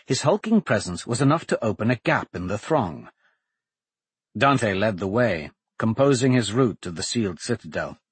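A man reads fantasy fiction aloud in a measured, dramatic storytelling manner. His voice is husky and mid-pitched, recorded dry and close with no room sound. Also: no room sound. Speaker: audiobook narrator. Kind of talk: scripted audiobook narration.

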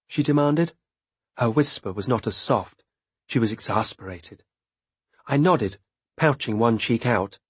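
A man narrating a story in a measured, expressive reading voice. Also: medium pitch, husky, no room sound. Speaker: audiobook narrator. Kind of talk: scripted narration.

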